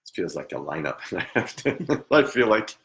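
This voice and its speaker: A man's voice: fairly low pitch, sing-song, normal speed, fairly bright tone. A man working as a psychic medium during a live online reading, hesitant and apologetic, laughing often and trailing off into murmurs. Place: at home at a computer.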